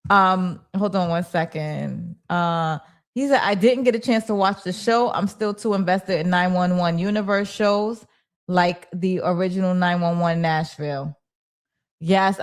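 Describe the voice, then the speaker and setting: A woman hosting a casual TV recap stream, retelling scenes with lively quoted dialogue and breaking off to read viewer comments. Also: fairly low pitch. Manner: animated storyteller, acts out characters' lines, reads viewer chat. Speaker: show recap host.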